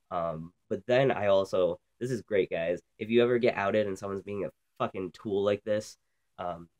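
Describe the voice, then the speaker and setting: A young man from Canada, hosting a casual vlog while sick, talking bluntly and profanely with lots of ums. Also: on the low side. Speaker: vlog host.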